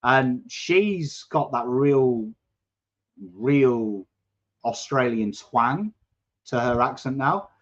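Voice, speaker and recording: A man's voice: medium pitch, very slow. An English man with a coarse accent, hosting a live football watchalong, chatting and reacting to play. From England. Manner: chatty, excitable, swears, bursts into shouts at play. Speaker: watchalong host. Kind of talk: live football watchalong chat, reading viewer comments. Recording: dull lo-fi stream audio.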